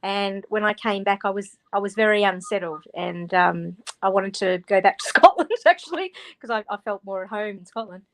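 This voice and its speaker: A woman's voice: medium pitch, moderate pace, hardly any pauses. A woman with an Australian accent, an author chatting as a guest over a video call, talking freely with frequent laughs. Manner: chatty, laughs often, restarts words. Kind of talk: casual interview chat.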